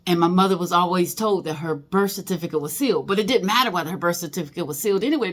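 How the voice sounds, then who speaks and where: A woman's voice: on the low side, fairly bright tone. A middle-aged woman talking casually in a personal vlog, emotional and rambling, with many fillers and restarts. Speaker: vlogger.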